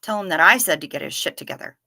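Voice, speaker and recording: Hosting a casual livestream, a woman reads viewers' comments aloud and chats back in a friendly, apologetic manner. Her low, husky voice has vocal fry and sounds pushed and bright, and she speaks fast and animatedly.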